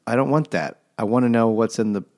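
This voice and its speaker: A man's voice: mid-range voice, fairly quick, a little mellow. A man co-hosting a podcast, chatting casually and wryly about a book, rambling and laughing often. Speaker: podcast co-host.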